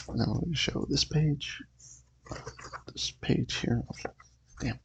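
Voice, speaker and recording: A man hosting a show where he reads a comic aloud, making relaxed, offhand asides about the pages. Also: mid-range voice, slow, creaky, long pauses, slight background noise. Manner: laid-back, offhand asides. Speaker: host. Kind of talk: reading a comic aloud on camera.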